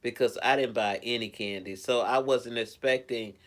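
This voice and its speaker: A man chats with his viewers on a live stream from home, talking in a loose, rambling way. He greets people by name and sounds caring toward them. His voice sits at an ordinary middle pitch. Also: normal speed. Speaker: live streamer reading chat. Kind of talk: casual live-stream chat.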